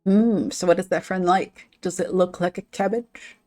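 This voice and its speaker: A woman voicing a calm adult traveler who questions the children, reading game dialogue aloud. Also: fairly low pitch, normal speed, soft background music, close to an everyday voice.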